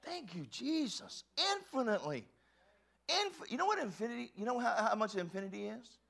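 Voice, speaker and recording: A man delivers a fervent sermon in a high, very animated voice. He drops low and hushed, then climbs to loud, excited peaks, restarting his sentences again and again as he pushes forward. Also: moderate pace, gravelly. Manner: excitable, swings from hushed to shouting; repeats words and restarts often. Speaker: pastor.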